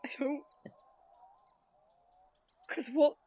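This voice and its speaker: A woman playing her character in a tabletop game, shifting from quiet answers to emotional, tearful outbursts. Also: extremely slow, a little hiss or hum. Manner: emotional, voice breaking into shouts and tears. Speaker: player voicing Quintessa. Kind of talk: tabletop role-play in character.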